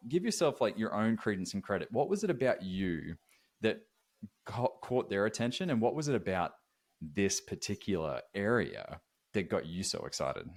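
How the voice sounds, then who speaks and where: A man with an Australian accent hosting a podcast interview, affirming and relaxed as he asks questions. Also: on the low side, moderate pace. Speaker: podcast host. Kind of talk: interview conversation.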